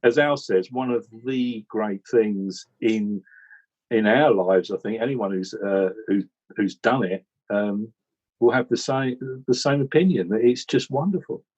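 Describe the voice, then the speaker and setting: A man from England telling a rambling, animated story about joining a cricket commentary team, in casual chat with many restarts. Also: on the low side, a little slow, husky, muffled recording. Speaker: regular commentator recalling how he joined.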